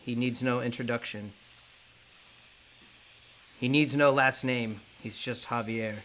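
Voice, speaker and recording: A man's voice: mid-range voice, steady tone, takes it slowly, a bit bright, a little hiss or hum. A man chatting casually with viewers while painting live, rambling a little as he works.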